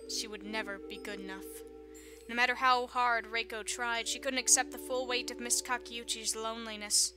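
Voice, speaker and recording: A woman's voice: fairly high pitch, steady tone, normal speed, over music. A woman reading a visual novel's text aloud with joking, sarcastic commentary, often laughing.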